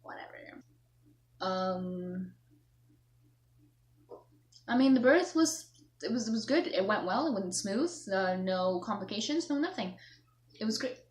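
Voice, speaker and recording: A woman's voice: medium pitch, animated, a little slow, long pauses, a little mellow. A young woman vlogging, telling a story in a rambling, self-mocking way, acting out herself and her mom. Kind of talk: casual storytelling to camera.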